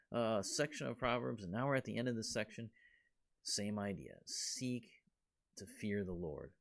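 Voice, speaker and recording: A man teaching a casual Bible study, talking conversationally and breaking into quick voiced asides. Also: medium pitch, vocal fry.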